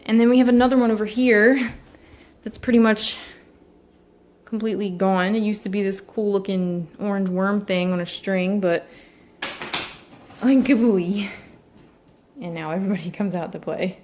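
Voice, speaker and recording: A young woman casually introducing her pet cats at home, chatty, sometimes slipping into high baby talk for them. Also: fairly even intonation, moderate pace, long pauses, darkish tone. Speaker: vlogger. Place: home, indoors.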